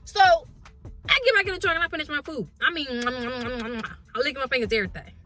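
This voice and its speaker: Bright, forceful woman telling a story. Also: high voice, a little fast, soft background music. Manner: blunt, profane, animated storytelling. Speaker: truck driver and vlogger. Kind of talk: casual storytime.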